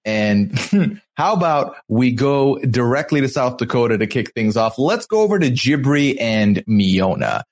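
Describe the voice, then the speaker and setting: A man's voice: medium pitch, a little slow. A man hosting a casual recap show, telling the story with energy and acting out the people he quotes. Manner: animated storyteller, acts out quotes. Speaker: podcast host.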